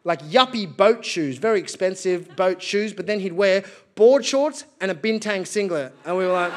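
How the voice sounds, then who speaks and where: A man's voice: sits high, lively intonation, moderate pace. An Australian man performing live stand-up comedy on a theatre stage, chatty and storytelling with punchy asides.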